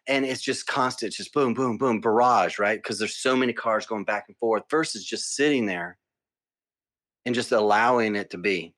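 A man speaking as a podcast guest, calm and meditative, talking through vivid everyday examples. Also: mid-range voice, normal speed. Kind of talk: casual conversation.

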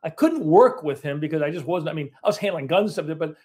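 Here a business owner recounts his story in a relaxed interview, starting over often and leaning on fillers as he rambles and corrects himself. His voice is on the high side, expressive and fast, a little mellow with a slight roughness.

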